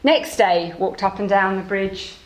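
A woman minister giving a sermon as a lively storyteller, acting out the characters as she goes. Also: mid-range voice, measured pace, roomy sound.

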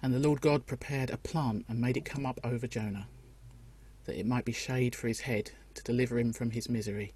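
A man reading a passage of scripture aloud in a steady, measured way. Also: mid-range voice, breathy edge. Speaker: scripture reader.

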